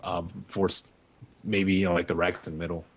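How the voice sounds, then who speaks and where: Lower-voiced man giving casual game analysis. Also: little pitch movement, moderate pace, slightly rough, lo-fi sound. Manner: casual and teasing, lots of "like" and restarts. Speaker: esports co-commentator.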